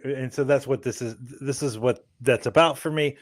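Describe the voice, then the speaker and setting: A man's voice: medium pitch, normal speed. A man co-hosting a movie podcast, laughing and sarcastic in casual chat. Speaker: podcast co-host.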